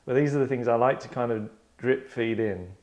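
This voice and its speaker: A writer and podcast host, middle-aged, leads a casual conversation in a darkish, mid-range voice at a slightly quick pace. He wanders from point to point, cuts himself off, and acts out quotes mid-sentence.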